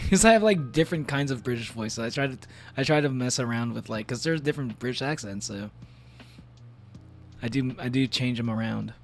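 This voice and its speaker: Male VTuber streamer, mid-pitched, rambling casual game chat with frequent laughs. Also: brisk, soft background music. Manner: rambling, filler-heavy, laughs often.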